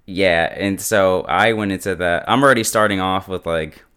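A chatty man recapping a TV episode beat by beat, with a low-set, smooth and resonant voice. He talks loosely, cracking jokes and laughing along the way. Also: normal speed, pushed and bright. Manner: chatty, laughs often, quips. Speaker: show reviewer.

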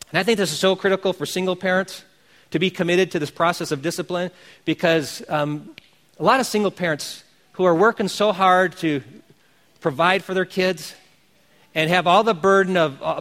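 A man with a fairly high voice, preaching a sermon to parents. He speaks earnestly and urges his listeners on, often repeating a phrase to drive the point home. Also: a bit bright, in a large hall.

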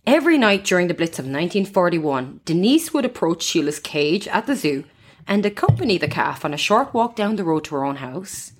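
A woman's voice: lowish voice, big pitch swings, a little fast. Giggly woman telling a history story. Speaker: podcast co-host. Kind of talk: casual history podcast chat.

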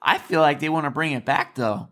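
A man's voice: on the high side, a little fast, pushed and bright. A man telling stories on a podcast in a casual, earnest way, repeating himself and restarting sentences. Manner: earnest, repetitive, with frequent restarts. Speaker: podcast guest, former resident. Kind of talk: casual conversational storytelling.

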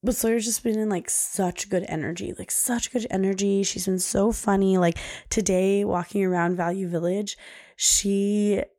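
A young woman talks casually on her podcast, rambling and saying "like" all the time. Her voice sits at a middle pitch with a gravelly, fried edge. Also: a little mellow. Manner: chatty, peppered with "like". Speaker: podcast host. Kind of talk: casual chat.

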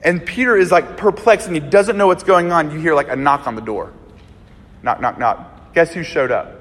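A preacher from a small town in Alabama, giving a conversational, animated sermon in a church. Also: male voice, a little high, moderate pace. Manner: conversational and animated, acting out voices in Bible stories and anecdotes. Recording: long reverb of a large hall.

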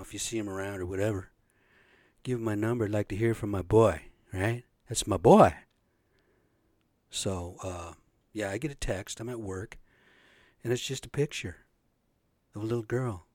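A man's voice: lowish voice, a little mellow, no room sound. A man in his late fifties, a podcast host, rambling through a blunt, profane casual monologue. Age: 50s.

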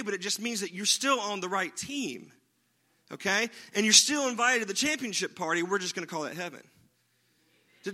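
A man's voice: high voice, sharp tone. A man preaching a sermon in a conversational way, often checking in with his listeners by asking "right?". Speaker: pastor.

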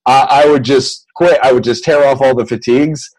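A man's voice: medium pitch, brisk, a little mellow, rough recording. A man casually recapping a film's plot in a chatty, joking way, rambling and laughing often. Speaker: podcast co-host recapping a film. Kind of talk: casual chat.

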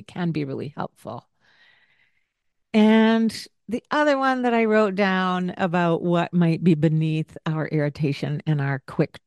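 Slow soft-spoken older woman. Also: low-pitched, vocal fry, no echo, studio quality. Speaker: parenting podcast host. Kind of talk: gentle coaching talk.

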